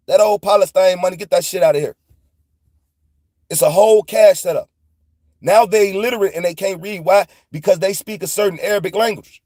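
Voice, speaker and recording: A man's voice: high voice, dark tone, dry recording, studio quality. A man, telling a loose, profane story in a casual monologue and retelling dialogue in quotes. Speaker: podcast host.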